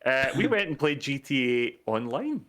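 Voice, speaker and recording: Male co-host, mid pitch, dry teasing humour, casual. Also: very animated, moderate pace, a bit bright. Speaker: podcast co-host. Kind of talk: casual chat.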